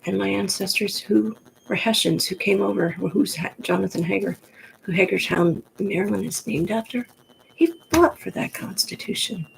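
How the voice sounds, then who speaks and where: A woman from the New York Pocono area with a gruff voice, rambling frankly in a casual monologue to the camera. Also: medium pitch, moderate pace, slight background noise, low-quality recording. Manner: chatty, digressive, frank. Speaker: vlogger.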